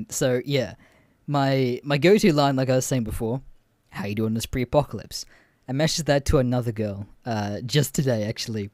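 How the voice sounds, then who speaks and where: A man's voice: mid-range voice, a little mellow, no room sound. A young man hosting a podcast, casually retelling dating stories with lots of swearing and laughter. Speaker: podcast host. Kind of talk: casual storytelling chat.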